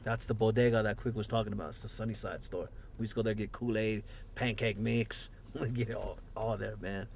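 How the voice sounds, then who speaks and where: Excited man talking outdoors by traffic. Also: on the low side, fairly quick, creaky. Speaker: interviewee. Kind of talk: casual storytelling.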